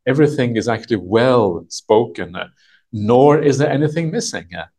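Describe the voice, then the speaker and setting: A man teaching a retreat group as a monk, explaining a text patiently in a halting way full of "uh" and "yeah". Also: mid-range voice, lively intonation, darkish tone, husky. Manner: halting, thinks aloud, many "uh" and "yeah" fillers. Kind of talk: unhurried dharma talk explaining a text. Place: retreat session with a live audience.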